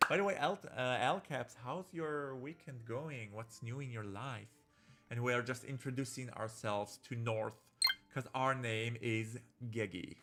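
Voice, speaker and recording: A man's voice: mid-range voice, a little slow. A man streaming a visual novel. He reads the game text aloud and jokes around in a playful, campy way. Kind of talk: casual gameplay commentary, reading game text aloud. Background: faint game music.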